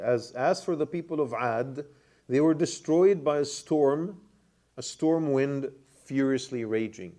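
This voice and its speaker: Imam giving a lively tafsir class. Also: male voice, mid-range voice, a little slow. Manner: questions the class, repeats words, many restarts. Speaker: imam teaching Quran commentary. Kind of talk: classroom lecture with questions to the audience.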